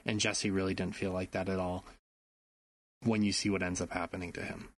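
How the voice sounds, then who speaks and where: A man's voice: low-pitched, little pitch movement, fairly quick, dry recording. A man co-hosting a casual podcast, rambling a little and correcting himself as he talks about games. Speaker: podcast co-host. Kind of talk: casual chat.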